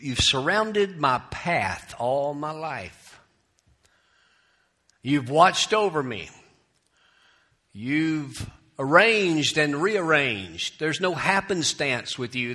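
A male pastor with a bright, forceful tone, preaching a sermon. He moves between quiet, folksy asides and loud, emphatic scripture reading. He often restarts his phrases. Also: mid-range voice.

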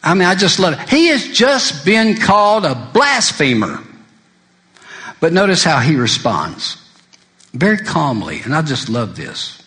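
A man preaching a sermon in a bright, forceful voice. His pitch swings widely as he builds to emphatic peaks. He then sinks into hushed intensity to quote old-fashioned scripture. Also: a little slow. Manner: animated, swings between loud emphasis and quiet intensity.

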